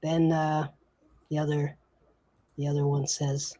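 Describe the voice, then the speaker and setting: A woman running a fantasy tabletop game as game master, narrating slowly and haltingly. Her voice is lower than most and mellow, with a husky, breathy grain. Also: flat delivery. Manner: halting, many fillers and restarts.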